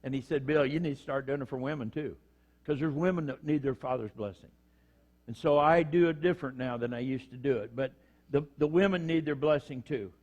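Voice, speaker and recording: A man's voice: mid-range voice, brisk, darkish tone, dull audio. An older man preaching a sermon, telling folksy stories and acting out the people in them. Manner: folksy storytelling, acts out quoted voices. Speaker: pastor.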